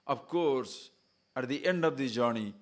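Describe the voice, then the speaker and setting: With an expressive, mid-range voice at a measured pace, a man teaches scripture as a spiritual lecturer. His tone is earnest; he stacks his arguments into lists and keeps reminding the audience to listen carefully.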